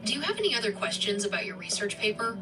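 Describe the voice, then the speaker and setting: A fast-talking synthetic woman's voice, eager and polite as a helpful assistant. It sounds distant from the mic, with clear music underneath. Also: medium pitch, very animated.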